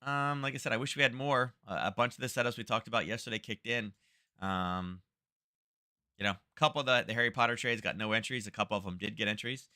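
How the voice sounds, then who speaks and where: Fast, mid-range, and pushed with a bright tone, this man's voice carries casual live market commentary on his trading stream. He thinks aloud, tags points with "right?", and chats with viewers by name.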